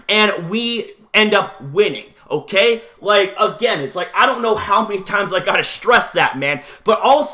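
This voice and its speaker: Heated high-voiced young man ranting. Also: pushed and bright. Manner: heated, profane, repeats himself, lots of "like". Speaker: YouTuber. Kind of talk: angry vlog rant.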